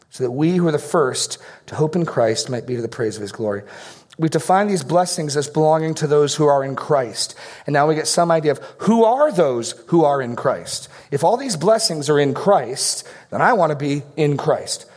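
A man preaching a sermon, reading scripture aloud and unpacking it verse by verse. He speaks with emphasis, repeating phrases, and moves between quick asides and slow, stressed lines. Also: mid-range voice, darkish tone. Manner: emphatic, repeats phrases with rising and falling force. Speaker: pastor.

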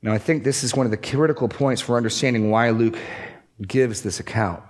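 A man's voice: mid-range voice, a little fast. Guy preaching a sermon, punchy emphasis, swings up and down on key words. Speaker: pastor.

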